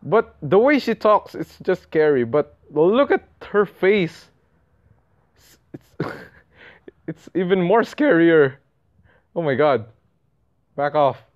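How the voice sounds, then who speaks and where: A young man commentating a horror game, reacting loudly with swearing and laughter. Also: on the high side, big pitch swings, slow pace, long pauses, lo-fi sound. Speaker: gaming channel host.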